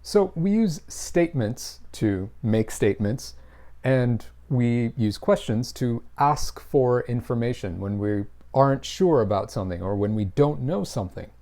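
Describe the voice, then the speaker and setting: A man's voice: medium pitch, expressive, measured pace, dark tone. A man teaching an English grammar lesson, explaining patiently and stressing his example phrases. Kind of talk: scripted lesson to camera.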